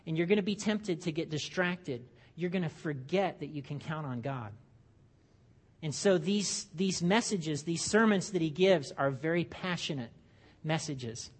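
A man's voice: on the high side, expressive, a little slow, breathy edge. A man preaching a sermon in a church, in a conversational way with joking asides and frequent restarts. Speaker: pastor.

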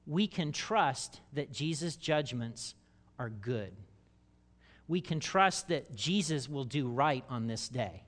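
A male pastor preaching a sermon, expressive, slowing down to stress key words. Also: medium pitch. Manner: expressive, slows down for emphasis and acts out quoted voices.

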